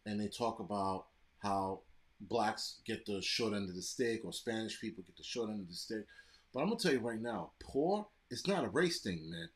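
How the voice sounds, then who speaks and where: A man from the United States hosting a live stream, ranting bluntly and profanely while answering chat comments. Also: fairly low pitch. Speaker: livestream host reading chat.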